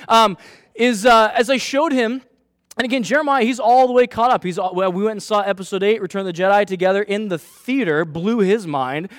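A man in his thirties, a pastor, preaching a sermon in a chatty, animated way and telling a self-mocking story about his family. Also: sits high, no echo, clean studio sound.

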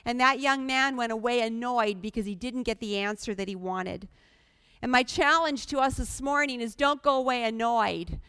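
Earnest woman preaching a sermon, smooth voice. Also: on the high side, moderate pace, fairly bright tone, dry recording, studio quality. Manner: earnest, pleading, conversational with sudden emphatic rises. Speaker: guest preacher.

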